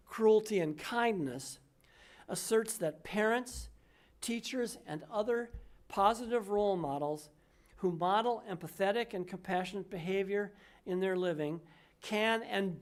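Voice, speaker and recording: An older woman minister delivering a sermon, measured and emphatic, slowing down on key words. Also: mid-range voice.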